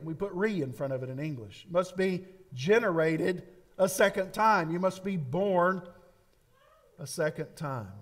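A man preaching a sermon, emphatic and repetitive, with dramatic pauses. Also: a little high. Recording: long hall reverb.

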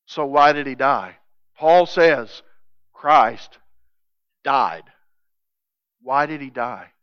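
A man preaching a sermon as pastor, emphatic, swinging from loud declarations to hushed intensity. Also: fairly high pitch, a little slow, smooth, muffled recording.

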